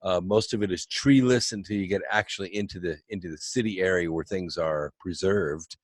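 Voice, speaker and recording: A man on a talk show as the guest author, telling travel stories in an animated, wry way. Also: sits low, a little fast, dry recording. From United States. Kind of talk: anecdotal storytelling.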